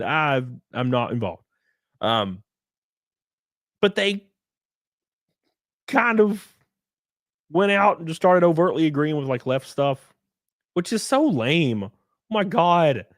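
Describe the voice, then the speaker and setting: A male livestream host rants sarcastically, swinging his fairly high voice up and down with lively emphasis. He talks close to the mic, and the sound is dry, with no room echo. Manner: sarcastic, ranting, animated. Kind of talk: livestream commentary rant.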